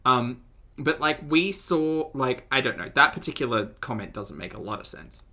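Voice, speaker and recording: Blunt streamer with a bright voice. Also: mid-range voice, expressive, normal speed. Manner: blunt and sarcastic, laughs often. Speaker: streamer reacting to videos and reading chat. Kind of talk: casual reaction commentary.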